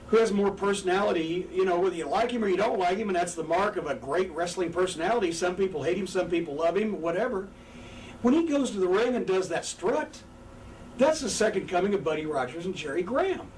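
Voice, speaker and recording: Sitting on a couch indoors, an older male ex-wrestler guest shares candid interview stories in a high, animated voice, swearing freely and imitating crowds and wrestlers. The mic is distant, with faint room noise in the background.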